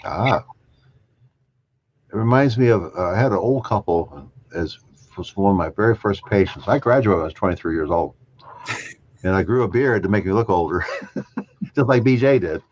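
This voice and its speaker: An older man, a chiropractor guest, telling lively anecdotes in an interview, acting out the other people in his stories and chuckling along. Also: deep voice, moderate pace, long pauses, a little hiss or hum. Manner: animated anecdotes, acting out quoted voices, chuckling. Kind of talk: storytelling interview. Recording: dull lo-fi dry sound.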